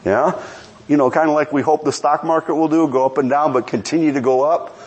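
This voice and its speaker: Animated male preacher with a high voice who questions his congregation and chuckles as he speaks. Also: brisk, a little hiss or hum. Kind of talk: sermon.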